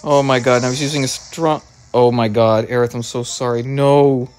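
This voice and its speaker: A man giving excitable let's play commentary, stammering over his words and swearing often, with faint game music behind him. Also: medium pitch, normal speed. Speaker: gaming video creator.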